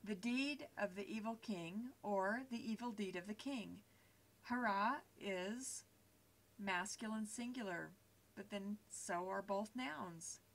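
A woman teacher talks through a recorded grammar lesson over slides at a mid-range pitch, patient and methodical. She pauses on fillers as she explains each point step by step. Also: gravelly.

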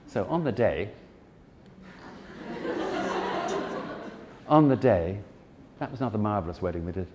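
Man, self-deprecating speaker, anecdotal talk, slightly low voice, faint background noise. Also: expressive, slow pace, long pauses, in a large hall. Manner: chatty, self-deprecating, joking. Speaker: event designer giving a talk. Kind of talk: anecdotal presentation to an audience. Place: large formal hall.

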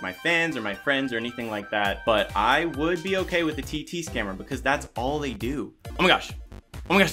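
Animated male gamer over music. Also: mid-range voice. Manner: animated, exclaiming and reading chat aloud. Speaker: gaming YouTuber. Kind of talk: excited gameplay commentary. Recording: music playing under the voice.

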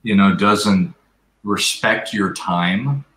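A man's voice: fairly low pitch, extremely slow, fairly bright tone. A man in casual chat, rambling and repeating himself. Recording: echoey room with faint noise.

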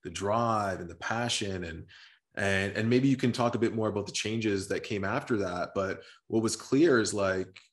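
A man's voice: fairly low pitch, moderate pace. A man who guided a retreat, talking casually and reflectively, with many fillers. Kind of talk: casual conversation.

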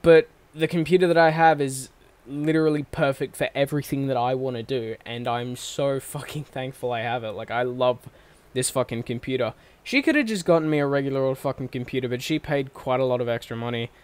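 Speaking briskly in a clean, mid-range voice, the channel host is a young man chatting to viewers from his bedroom recording setup. His casual vlog monologue wanders, with free swearing and running self-corrections, picked up by a stand-mounted mic on his desk.

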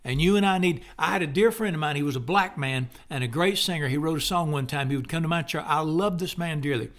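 A middle-aged man preaching a sermon in a fervent, folksy style, breaking into loud exclamations. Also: a little high, fast. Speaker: pastor.

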